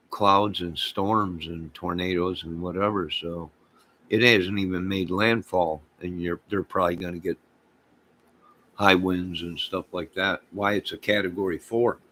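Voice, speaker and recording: Casting: man vlogging, folksy and rambling, slightly low-pitched. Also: steady tone, normal speed, a bit bright, slight background noise. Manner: rambling, folksy, loose and talkative. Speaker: small channel vlogger. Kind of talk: casual vlog chat.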